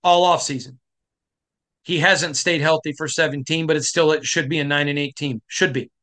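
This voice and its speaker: A middle-aged man from Michigan delivers a sports podcast monologue with fervent conviction. His voice sits high for a man and rings bright and forceful. He hammers short phrases and pushes them up toward a shout. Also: steady tone, moderate pace. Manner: passionate, emphatic, rising to shouting. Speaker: podcast host.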